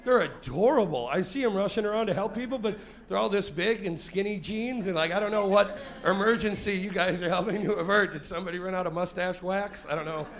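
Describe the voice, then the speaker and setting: A man of forty with a high voice doing stand-up on a club stage. He is loud, profane and confrontational, and he teases the crowd. He is sweating as he performs. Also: brisk, hardly any pauses, slight background noise. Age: 40s. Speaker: stand-up comedian. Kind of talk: live stand-up comedy set.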